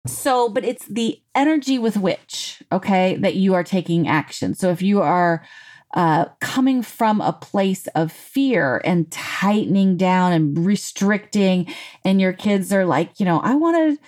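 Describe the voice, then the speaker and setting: A woman giving a casual motivational talk in a lively, conversational way, full of "you know" and "like". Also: medium pitch, unhurried. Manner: animated, conversational, acts out quotes; frequent fillers like "you know" and "like". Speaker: self-help speaker.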